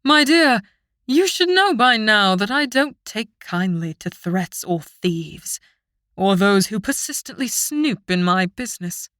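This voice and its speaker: A woman's voice: mid-range voice, animated, unhurried, fairly bright tone, no echo. A woman voicing a cold, scheming fairy queen who talks down to others with silky menace, read dry and close for an audiobook. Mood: menacing.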